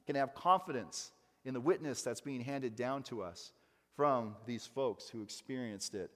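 A male pastor preaching a sermon in a church, emphatic, rising to loud stresses and dropping to quiet asides. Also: medium pitch, measured pace, in a large hall.

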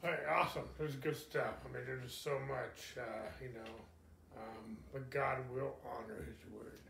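A man's voice: medium pitch, fairly even intonation, normal speed, gravelly, a bit bright. A man co-hosting a Bible study, talking in a loose, enthusiastic way with many fillers and repeated phrases. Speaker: co-host of a Bible study show. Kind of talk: casual Bible study discussion. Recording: echoey room with faint background noise.

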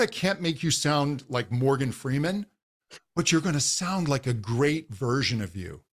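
A man, a voice coach guest on a podcast, patiently explaining how the voice works and demonstrating exercises. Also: medium pitch.

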